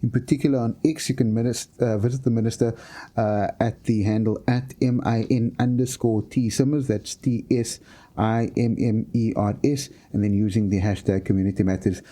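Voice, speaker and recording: Man, radio host, polite and formal, very dark warm voice. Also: lowish voice, steady tone, moderate pace. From South Africa. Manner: brief backchannels, polite formal sign-off. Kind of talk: radio interview.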